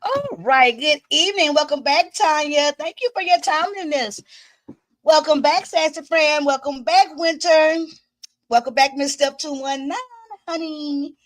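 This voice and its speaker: Woman, high voice, chatty livestream host, laughs often, slightly winded, dry close sound. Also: measured pace, no room sound. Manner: chatty and loose, greets viewers by name, laughs often. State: a little winded. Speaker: host of a livestream commenting on trials. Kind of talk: casual livestream chat with viewers. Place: small room at home.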